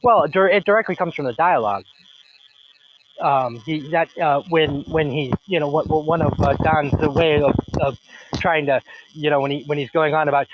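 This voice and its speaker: A man hosting a film podcast, talking in a rambling, halting way with many restarts. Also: fairly high pitch, lo-fi sound, background noise. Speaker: podcast host. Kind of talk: casual discussion.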